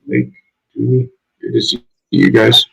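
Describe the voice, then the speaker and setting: A man's voice: mid-range voice, steady tone, takes it slowly, vocal fry, a bit bright, slightly rough, poor audio. A man chatting casually on a home livestream, laid-back and chatty, leaning on "like" a lot. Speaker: guest streamer. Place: home, living in Lima. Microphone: streaming mic setup.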